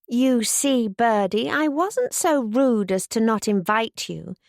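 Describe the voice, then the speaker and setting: A woman's voice: fairly high pitch, lively intonation, takes it slowly, gravelly, no room sound, clean studio sound, heavily acted. A woman voicing an eager, bubbly young woman who gushes with enthusiasm. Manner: eager, gushing.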